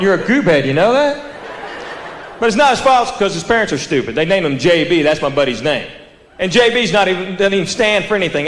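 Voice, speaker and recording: High-voiced Southern man doing stand-up. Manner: animated storytelling, drawn-out vowels, acts out characters. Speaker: stand-up comedian. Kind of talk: stand-up comedy. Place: live comedy venue with audience. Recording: roomy hall with audience noise. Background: crowd laughter.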